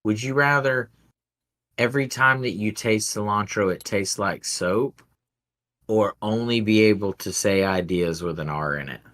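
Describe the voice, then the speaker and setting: A man's voice: lowish voice, measured pace, fairly bright tone. A man co-hosting a podcast, chatting casually while tasting a beer, rambling with a wry, dry humor. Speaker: podcast co-host.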